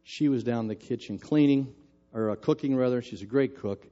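An older man preaching a sermon, telling a story in a lively, self-mocking way. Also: mid-range voice, a little fast, lo-fi sound, faint music behind.

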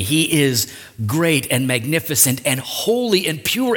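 A man preaching a sermon, earnest, with frequent rhetorical asides and big swings in pitch and loudness. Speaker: pastor.

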